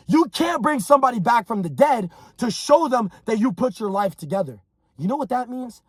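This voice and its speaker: A young man giving a blunt, intense motivational monologue, swinging from mocking mimicry to shouting. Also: extremely high pitch, expressive, moderate pace, breathy edge, no room sound. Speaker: motivational speaker.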